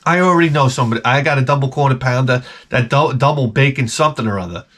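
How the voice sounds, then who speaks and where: A man's voice: medium pitch, fast talker, fairly bright tone, breathy edge. A man vlogging in a rambling, profane monologue, swearing often and breaking into mouth sound effects. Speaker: retro gaming vlogger.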